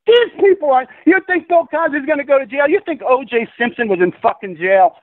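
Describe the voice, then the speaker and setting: High, lively man ranting on a phone line. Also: fairly quick, no echo. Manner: profane, insistent, lecturing. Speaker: guest. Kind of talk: conspiracy rant in a call-in interview. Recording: tinny phone-line audio.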